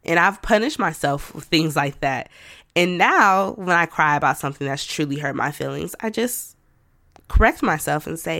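A woman's voice: deep voice, expressive, moderate pace, fairly bright tone, no echo, clean studio sound. A woman hosting her own podcast, talking candidly and conversationally about herself, with self-talk asides and light laughs. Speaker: podcast host. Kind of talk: personal reflective monologue.

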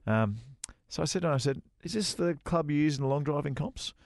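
A former touring golf pro, now co-hosting a relaxed radio chat show, rattles off a lively anecdote and mimics the people he quotes. The middle-aged man talks fast in a gravelly voice of ordinary pitch, recorded dry and close without any room around it.

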